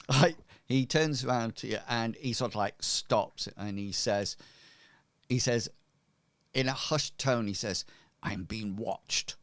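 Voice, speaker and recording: Slow, hesitant game master with a smooth voice. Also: male voice, medium pitch, fairly bright tone, no echo. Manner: hesitant, full of ums and restarts. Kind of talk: narrating a tabletop game.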